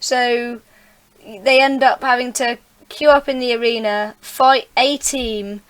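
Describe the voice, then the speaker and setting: Podcast host: a woman, fairly high voice, chatty and giggly, reading through community news. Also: steady tone, slow pace, a bit bright. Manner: giggly, chatty, reads out details. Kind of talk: casual podcast chat.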